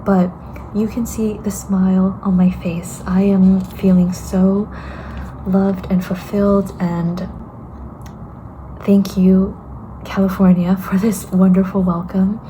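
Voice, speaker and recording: A woman vlogging in a casual, soft half-whisper, tired and a little hoarse, thanking viewers and friends. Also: mid-range voice, flat delivery, takes it slowly, slight background noise, low-quality recording. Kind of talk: casual vlog talk to camera.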